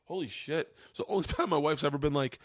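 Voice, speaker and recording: A man in his forties hosting a podcast, telling a long story with lively acted-out quotes. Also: fairly high pitch, racing, dry recording, studio quality. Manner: animated storyteller, acts out quotes, gets choked up. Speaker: podcast host. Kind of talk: casual storytelling chat.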